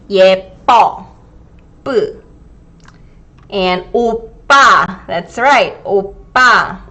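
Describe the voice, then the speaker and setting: A woman in her thirties with a Gyeongsang Korean accent, teaching a live online language lesson and drilling pronunciation slowly and carefully. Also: mid-range voice, fairly bright tone. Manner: slow, careful pronunciation drills, reading viewer comments.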